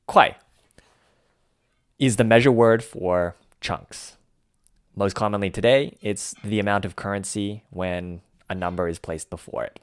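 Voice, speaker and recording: A man with a deep voice co-hosts a language lesson podcast in a casual, easygoing way. He explains words with relaxed, musing asides. His voice sounds dry and close, with no room echo. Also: normal speed, clear, resonant tone. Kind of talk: casual teaching banter.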